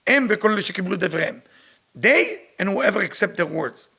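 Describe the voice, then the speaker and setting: Emphatic teacher, man, gravelly. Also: sits high, sing-song, rapid-fire, pushed and bright. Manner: emphatic, repeats rhetorical questions. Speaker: Kabbalah teacher. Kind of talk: spiritual lecture reading and translating Hebrew text.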